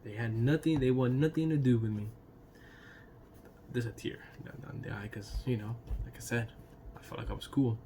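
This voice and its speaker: A man's voice: mid-range voice, steady tone, normal speed. A man with an ordinary mid-range voice rambles through a storytime vlog in a loose, chatty way. He laughs between lines, swears casually and keeps checking in with "right?" and "you know". A faint hiss sits under the recording. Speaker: YouTube storyteller.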